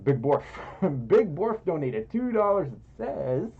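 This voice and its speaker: A man's voice: on the high side, very animated, slow, creaky, breathy edge. Giggly man streaming, muffled sound. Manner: playful, giggly, self-deprecating. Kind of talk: casual livestream chat reading donations. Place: indoors, in a fursuit. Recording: muffled audio.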